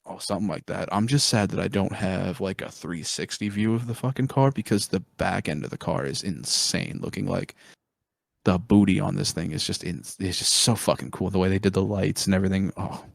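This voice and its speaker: A man's voice: low voice, a little fast, vocal fry, dry recording. A man co-hosting a podcast, chatting casually and enthusiastically about cars, swearing freely as he rambles. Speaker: podcast co-host. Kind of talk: casual chat.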